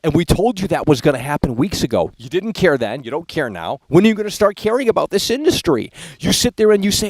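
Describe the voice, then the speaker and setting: A man's voice: high voice, lively intonation, a little fast, darkish tone, no echo, low-quality recording. A man ranting in a video about games, scolding his viewers in a preachy, repetitive way. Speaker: gaming commentator. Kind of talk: ranting vlog commentary.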